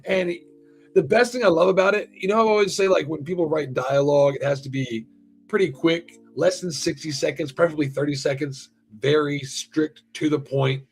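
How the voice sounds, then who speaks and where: A man hosting a casual podcast, talking in a profane, rambling, animated way. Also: fairly high pitch, a little fast, slightly rough, faint music behind. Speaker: podcast host. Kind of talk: casual chat.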